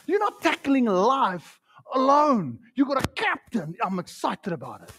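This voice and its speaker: A man with a New Zealand accent preaching a sermon in a church, fiery and excitable, swinging from shouts to hushed tones and calling listeners bro. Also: extremely high pitch, measured pace, slight background noise. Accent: New Zealand English. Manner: casual slang, calls listeners bro and man. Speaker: pastor. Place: church hall.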